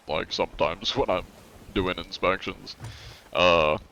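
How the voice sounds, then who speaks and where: A man's voice: low voice, takes it slowly, creaky, sharp tone, muffled recording. A man streaming a game live, chatting casually and rambling with occasional chuckles and swearing.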